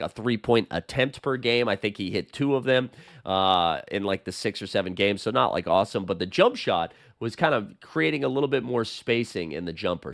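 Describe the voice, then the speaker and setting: A man with a Boston accent hosting a casual sports chat, his voice hoarse from being sick, talking in a rambling way with lots of fillers. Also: fairly low pitch, a bit bright, no echo, studio quality. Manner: chatty, rambling with many fillers. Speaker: sports channel host.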